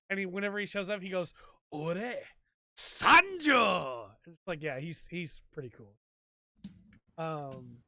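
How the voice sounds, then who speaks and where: A man's voice: high voice, fairly bright tone, clean tone. A man hosting a podcast, chatting casually and rambling with lots of ums and likes. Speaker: podcast host. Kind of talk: casual solo chat. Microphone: desk mic for a stream.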